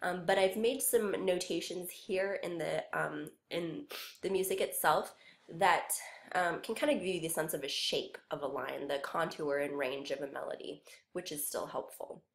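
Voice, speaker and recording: Woman music teacher, lower voice, roomy. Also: normal speed, vocal fry. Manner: patient, explanatory teaching. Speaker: music instructor. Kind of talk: recorded classroom lecture.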